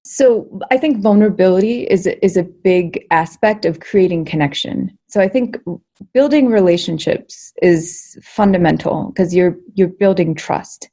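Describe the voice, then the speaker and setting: A young adult woman, both researcher and comedian, answers interview questions as a guest in an energetic, chatty manner. Her voice is lowish and a little slow, packed with fillers and repeated words.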